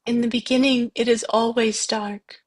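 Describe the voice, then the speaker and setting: Woman reading as a calm high-voiced young empress. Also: normal speed, husky. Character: gentle young empress girl, calm and wise. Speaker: table read actor. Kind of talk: table read.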